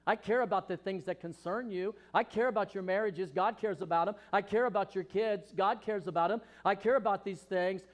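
A man preaching a sermon as pastor, impassioned, swinging between ringing questions and hushed asides. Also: high voice, fairly quick, hardly any pauses.

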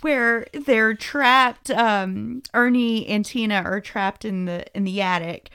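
A woman co-hosting a podcast in casual, quick banter, laughing often between her lines. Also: medium pitch, fairly bright tone, smooth. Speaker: podcast co-host. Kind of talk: casual chat.

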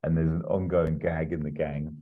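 This very deep male voice keeps a level tone and a moderate pace. In a casual podcast chat, the host talks through an imagined film plot, rambling with many ums and asides, on dull, muffled audio.

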